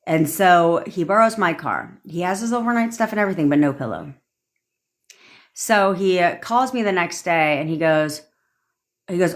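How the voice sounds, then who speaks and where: A woman's voice: lowish voice, lively intonation, moderate pace. A woman, a manifestation coach, telling a story in a casual live-stream rant, swearing freely and repeating points for emphasis.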